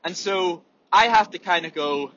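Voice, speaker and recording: Bright-voiced man, candid and sweary. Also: sits high, normal speed, highs cut off. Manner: candid, swears freely, demonstrates breathing sounds. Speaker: runner. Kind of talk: casual monologue.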